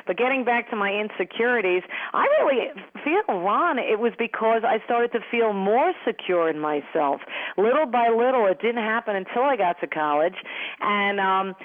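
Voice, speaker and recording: A chatty middle-aged woman with a thick Long Island New York accent tells her story as an interview guest. She talks in an animated flow and keeps slipping into a giggling laugh. Her voice comes through a narrow, tinny phone line. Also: mid-range voice, moderate pace. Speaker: sportscaster guest. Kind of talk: casual interview answers. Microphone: telephone.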